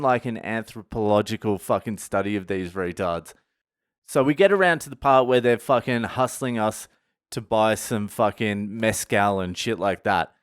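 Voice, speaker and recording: This is a dry, clean studio recording of a young Australian man with a smooth, medium-pitched voice. As a vlogger he spins a crude story full of swearing and mockery, laughing at his own jokes throughout the rant.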